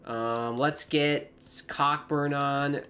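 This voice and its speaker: A man calling his own football video game match in a loose, chatty play-by-play, breaking into shouts at near misses and goals. His voice sits a little high and he talks at an unhurried pace. A clear hiss of noise runs under the recording. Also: steady tone. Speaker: gaming YouTuber. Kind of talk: casual gameplay commentary.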